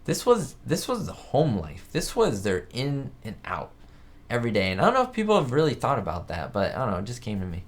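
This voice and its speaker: A man's voice: medium pitch, huge pitch swings, fairly quick. A man hosting a casual live-stream chat, talking in a rambling, chatty way and reading viewer comments aloud. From United States. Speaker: host of a live chat show. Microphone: webcam setup.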